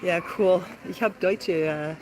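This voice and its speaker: A woman's voice: lowish voice, measured pace, a little mellow, a little hiss or hum. Chatty woman vlogging on an uphill walk. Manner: chatty, breathless from climbing, yawning. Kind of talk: walking travel vlog. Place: outdoors in a hilly lakeside town.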